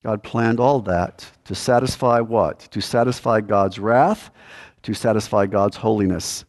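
A male pastor preaching a sermon, emphatic and repetitive, swinging from loud declarations to a hushed, earnest plea. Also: fairly low pitch, measured pace.

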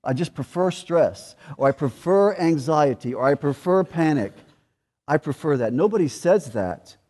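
A man's voice: fairly high pitch, lively intonation, moderate pace, mellow, long reverb tail. A man preaching a sermon as pastor, emphatic, rising and dropping in volume.

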